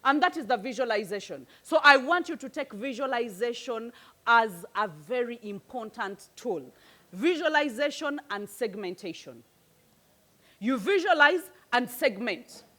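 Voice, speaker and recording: A woman giving a motivational talk, lively and conversational as she speaks straight to her audience. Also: a little high, measured pace. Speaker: life coach and channel host.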